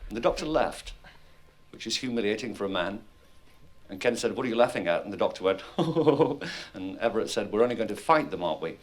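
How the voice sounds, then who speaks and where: A man's voice: on the low side, lively intonation, a little fast. A man on stage giving a mock tribute, delivering dry comic asides about a fellow entertainer. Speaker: comedian. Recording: loud hiss on old vinyl live recording.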